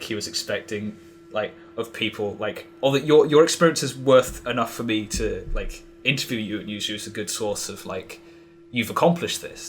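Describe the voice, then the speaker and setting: A man's voice: lowish voice, fairly bright tone, slight background noise. Hesitant young man, podcast guest. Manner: hesitant, full of "like" and restarts. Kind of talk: casual conversational interview.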